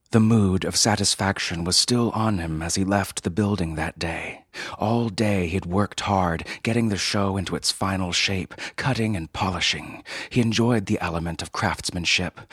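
A man narrating a dark science-fiction story in a measured, dramatic reading. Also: sits low, husky, no room sound, clean studio sound.

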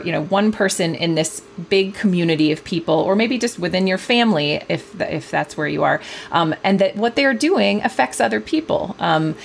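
A mother, a parenting expert and guest author, discusses parenting ideas in an easygoing interview. Her lowish voice has a gravelly edge, and she speaks thoughtfully with many pauses, fillers, and restarted sentences. A little hiss or hum is audible.

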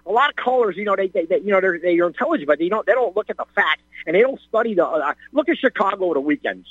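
An older man calling in to a radio show, ranting excitedly with repeated restarts and stammers. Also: sits high, very fast, no room sound, narrow, tinny audio. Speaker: caller. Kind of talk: ranting call-in talk.

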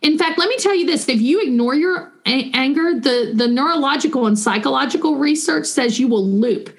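A woman, a Christian counselor and author answering interview questions in an animated way. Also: high-pitched, brisk. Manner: animated, warm storytelling with quoted voices; guides listeners through a breathing exercise.

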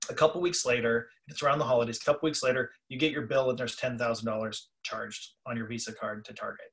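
A man who co-hosts a podcast about listening skills and works as a trainer tells a story in conversational style, acting out the callers he quotes. His mid-range voice is steady and a bit bright, and he talks quickly.

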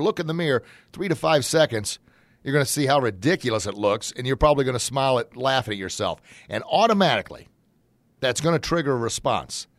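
A man of middle pitch hosts his own motivational show, talking in a folksy, energetic way. He jumps into loud, excited bursts when he acts things out. The sound is dry and close, with no room around it. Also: no room sound. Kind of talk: upbeat motivational monologue.

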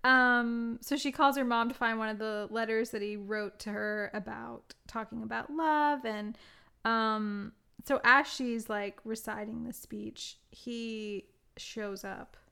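A woman's voice: a little high, fairly even intonation, slow, vocal fry, pushed and bright, clean tone. A woman co-hosting a casual film review chat, gushing as she retells favorite scenes. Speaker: podcast co-host.

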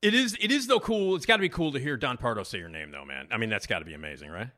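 A man's voice: medium pitch, animated, racing, sharp tone. A man hosting a podcast interview, asking enthusiastic, chatty questions. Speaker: podcast host.

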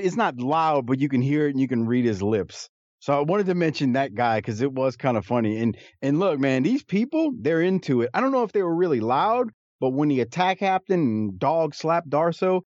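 A man co-hosts a casual podcast chat, rambling in an amused way with frequent restarts. His voice is on the high side and a little mellow, captured in a dry, lo-fi recording.

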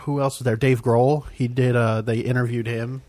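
A man's voice: mid-range voice, little pitch movement, normal speed, darkish tone, dry recording. A man hosting a podcast in casual chat, wry and laid-back, swearing now and then. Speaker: podcast host.

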